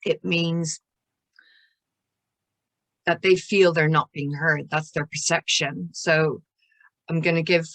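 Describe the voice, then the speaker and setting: A woman's voice: deep voice, steady tone, takes it slowly, long pauses, fairly bright tone, no room sound. An Irish woman counsellor explaining child emotions in an interview, acting out little scenes as she goes. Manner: explanatory, acts out little scenes with soothing voices.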